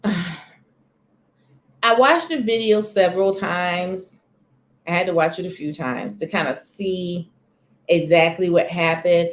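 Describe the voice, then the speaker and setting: Chatty woman hosting a live stream. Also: on the low side. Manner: chatty, expressive, greets chat viewers by name. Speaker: livestream host. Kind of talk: casual live-stream gossip chat. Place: corner of a room at home near a sunny window.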